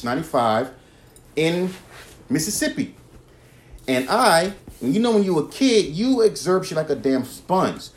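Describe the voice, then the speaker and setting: A man from California ranting casually on his podcast, profane and animated, often restarting his words. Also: on the high side. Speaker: podcast host. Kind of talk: casual rant.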